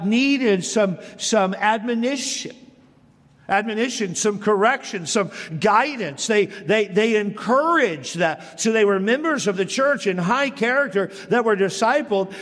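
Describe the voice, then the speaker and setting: A man preaching an expository sermon as a pastor, blunt and emphatic, slowing down to stress key words. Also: high voice, in a large hall. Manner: blunt, plain-spoken.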